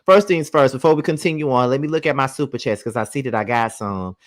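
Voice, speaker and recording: A man's voice: medium pitch, fast talker. A man hosting a laid-back livestream from home, tired and chatty, talking to his audience like friends. His voice sits in a middle range. The sound is dry, with no room echo. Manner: relaxed, chatty, addresses viewers directly. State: sleepy. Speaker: livestream host. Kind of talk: casual reaction-stream chat.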